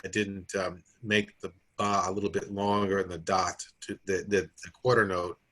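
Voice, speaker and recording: Deep husky man, hesitant. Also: little pitch movement, normal speed, fairly bright tone. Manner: hesitant, restarts while working things out. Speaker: band member on a lesson call. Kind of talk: casual discussion.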